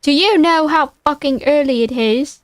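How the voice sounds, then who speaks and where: A woman's voice: high voice, normal speed, no echo, studio quality, natural voice. A woman voicing an irritated, sleepy young man in a shaky British accent that slips toward Irish. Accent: attempted British, drifting Irish. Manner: curt, annoyed.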